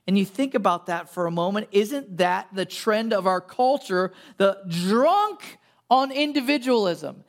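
A man's voice: high voice, animated, measured pace. A male pastor preaching a conversational sermon, telling stories and asking rhetorical questions. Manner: asks many rhetorical questions; casual and storytelling, with fillers.

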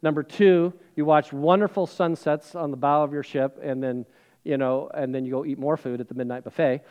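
A middle-aged male pastor preaches a sermon, telling a personal story in a chatty, self-deprecating way full of fillers and dropping to a hush for serious moments. His voice is on the high side, steady and a little fast. The tone is clean, but the highs are cut off.

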